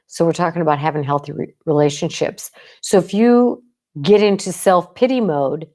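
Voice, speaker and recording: Intense woman, lowish voice, emphatic. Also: moderate pace, darkish tone. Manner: intense, emphatic, with frequent "right?" check-ins; acts out quoted lines of speech. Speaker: psychologist podcast host. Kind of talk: casual talk.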